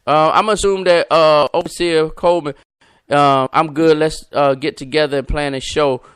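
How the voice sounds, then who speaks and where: A man with a bright, forceful voice, a little higher than most, hosts a live call-in show with the repeating cadence of a preacher. His clear, smooth voice sits in a dry, close recording. He calls out to his listeners by name. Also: fairly even intonation, moderate pace, dry recording. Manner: emphatic, repetitive, preacher-like cadence; talks to viewers and callers by name. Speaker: podcast host. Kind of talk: live-stream preaching talk.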